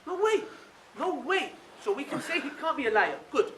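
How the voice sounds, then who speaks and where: A man giving an animated religious lecture to a live audience, firing off rhetorical questions and checking in with the listeners again and again. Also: very high-pitched, normal speed. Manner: animated, keeps asking rhetorical questions with a tag "yeah?". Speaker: Islamic speaker addressing an audience. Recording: echoey room, voice from far off, faint noise.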